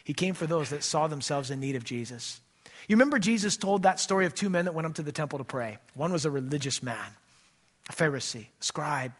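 Male pastor, church sermon, swings from booming emphasis to hushed lows, fairly high voice. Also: animated, a little fast. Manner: dynamic preaching, swings between loud emphatic and soft low passages. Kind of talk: sermon with closing prayer.

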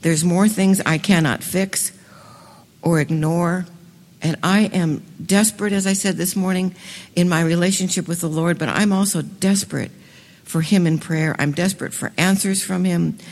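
Lady preaching w/ a lot of passion, kinda low voice, big echoey hall. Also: fairly even intonation, normal speed. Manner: impassioned, swells loud on scripture lines. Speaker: women's ministry speaker. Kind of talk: sermon. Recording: reverberant hall.

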